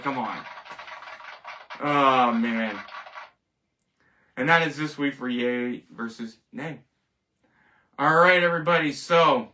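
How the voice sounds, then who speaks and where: A man's voice: on the high side, bright, forceful tone, far from the mic, slight background noise. A man hosting a casual solo show, rambling, joking and laughing at his own jokes. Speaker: host. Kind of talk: casual solo wrestling commentary.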